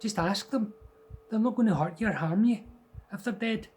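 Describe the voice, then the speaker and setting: Brief: man doing an unfazed mum, plain and reassuring, pitched up a little. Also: normal speed, darkish tone, lightly acted. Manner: matter-of-fact, reassuring. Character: calm mother who believes in ghosts.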